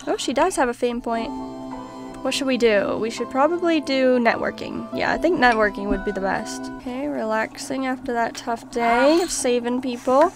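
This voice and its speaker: A woman's voice: a little high, moderate pace, over music. A woman hosting a casual let's-play, chatting and reacting aloud to her game. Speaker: gaming channel host.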